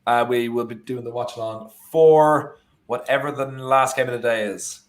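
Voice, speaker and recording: A man's voice: medium pitch, fairly even intonation, normal speed. A young Irish man co-hosting a live football watchalong, talking casually and rambling with lots of fillers. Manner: rambling, many fillers and restarts. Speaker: watchalong co-host.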